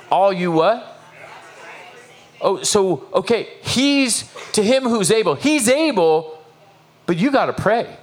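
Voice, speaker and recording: A man preaching a sermon as pastor, emphatic and animated, with repetitions and rhetorical questions to the congregation. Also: high voice, takes it slowly, pauses often.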